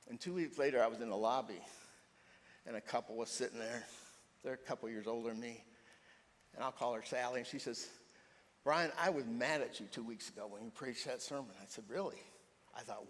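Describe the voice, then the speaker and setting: An older male pastor preaches a sermon with an animated storytelling delivery, his voice leaping up for emphasis. His middle-pitched voice carries a long reverb tail from the church sanctuary.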